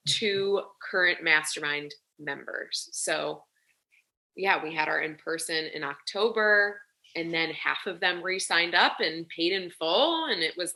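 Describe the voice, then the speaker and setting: A woman's voice: lowish voice, pushed and bright. A woman guest and business coach in casual interview chat, talking freely with many "like" and "you know" fillers. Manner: chatty, restarts and fills with "like" and "you know".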